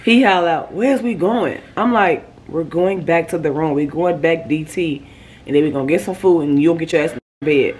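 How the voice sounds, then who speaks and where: A woman's voice: low voice, brisk. Young woman doing a storytime vlog, cussing, doing her man's lines, a little noise in the room. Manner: animated storyteller, swears freely, acts out her boyfriend's lines. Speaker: vlogger. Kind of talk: casual storytime chat.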